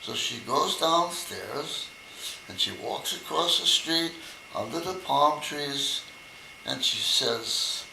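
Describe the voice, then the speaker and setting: An older man tells jokes at a birthday party at a slow, unhurried pace. His voice is gravelly but bright, and his pitch swings widely. The recording picks up a roomy echo. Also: lively intonation, a little hiss or hum. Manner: slow, deliberate storytelling with hesitations. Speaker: joke teller. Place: room at a family birthday party.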